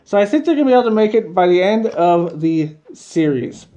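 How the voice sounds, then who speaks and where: A man's voice: high voice, lively intonation, a little fast, mellow, dull audio. A man giving a casual, rambling video review of a cartoon episode, repeating himself and chuckling between points.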